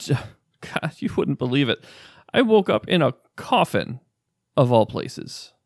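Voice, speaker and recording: A man playing a shaken, grieving father, halting and stammering. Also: medium pitch, sing-song, no room sound, clean studio sound, heavily acted.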